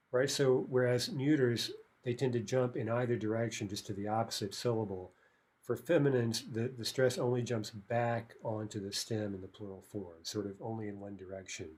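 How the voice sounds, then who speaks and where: Husky-voiced man teaching a language lesson. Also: medium pitch, a little mellow. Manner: explanatory, frequent checking "right?" tags.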